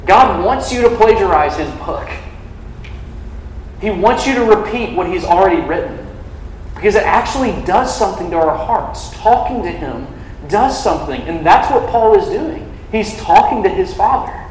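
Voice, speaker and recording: A man's voice: sits high, animated, moderate pace, a little mellow, slight background noise. A young man preaching a sermon to a campus ministry, conversational and full of "like" fillers. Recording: echoey hall from a distance.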